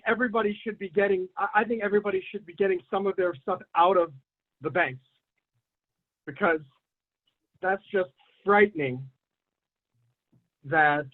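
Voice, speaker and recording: A man hosting an online community meeting in casual chat, rambling and giving blunt advice over a video call. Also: high-pitched. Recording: tinny phone-like line.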